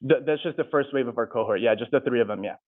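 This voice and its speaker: A young man, a student, answering audience questions after his talk, halting and often restarting his sentences. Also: mid-range voice. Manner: halting, restarts and corrects himself. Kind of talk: unscripted Q&A answers. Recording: tinny, phone-like sound.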